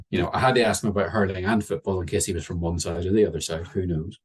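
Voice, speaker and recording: A man telling a story in a wry, conversational way, slowing down for dramatic moments. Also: deep voice, fairly even intonation, slightly rough. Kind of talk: oral storytelling.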